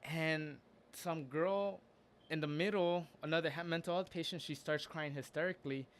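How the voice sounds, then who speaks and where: A man whose voice is a little high and fairly even in intonation casually relates an experience of his own. Earnest and open, he keeps pausing to restart sentences, his speech halting and peppered with fillers.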